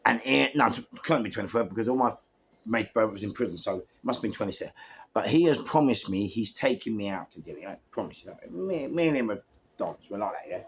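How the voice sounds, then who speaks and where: Gravelly London man telling street stories. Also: on the low side, fast talker, a little hiss or hum. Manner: animated, swearing, street slang, keeps checking in with "yeah?". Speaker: storyteller guest. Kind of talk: casual storytelling.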